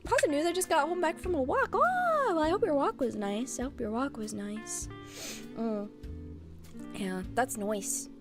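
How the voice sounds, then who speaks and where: A woman streamer chatting casually with her viewers, animated and blunt, laughing often. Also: sits high, moderate pace, over music.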